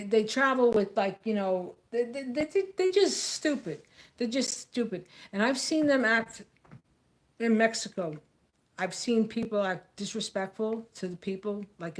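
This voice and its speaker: An American woman talking straight to camera in a blunt, outspoken rant, repeating phrases for emphasis. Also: medium pitch. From United States. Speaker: vlogger.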